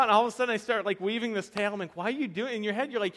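A young man preaching a sermon, telling animated, self-deprecating stories with frequent restarts. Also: sits high, rapid-fire, few pauses. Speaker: pastor.

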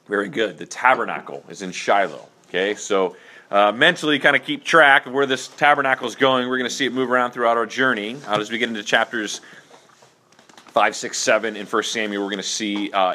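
A man teaching a Bible class in a relaxed, conversational way, full of fillers and frequent "okay?" check-ins to his students. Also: lowish voice, normal speed.

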